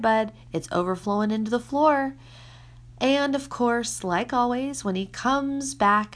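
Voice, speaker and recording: A woman, a mother of six, giving casual faith-based advice in an earnest way, sometimes dropping to a soft whisper for emphasis. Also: lowish voice. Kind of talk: casual Christian teaching talk.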